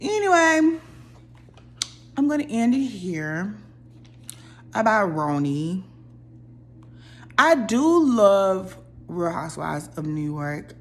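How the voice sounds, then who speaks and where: A young woman rants casually about a reality show, opinionated and animated, her mid-range voice jumping up whenever she quotes someone. She talks slowly and pauses often.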